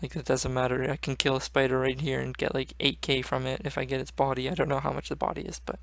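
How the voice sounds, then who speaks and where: A man's voice: mid-range voice, monotone, quick pace, gravelly, fairly bright tone, dry recording. A young man hosting a gaming channel, rambling casually and swearing often. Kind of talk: casual gaming vlog chat.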